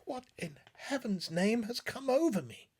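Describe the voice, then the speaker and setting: Male reader playing a bewildered young scientist, high, husky, panicky, audiobook. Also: big pitch swings, measured pace, exaggerated voice. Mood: panicked. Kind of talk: audiobook reading.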